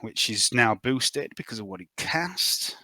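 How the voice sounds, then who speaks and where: A man running a tabletop game as game master, briskly tallying dice and narrating gory combat. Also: medium pitch, expressive, sharp tone, no echo. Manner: brisk, swearing, tallies dice aloud.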